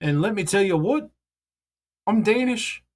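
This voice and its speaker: A man's voice: high-pitched, expressive, a little slow, voice pushed up. A man voicing a cranky old Danish woman with a put-on Danish accent, scolding a stranger at a grave.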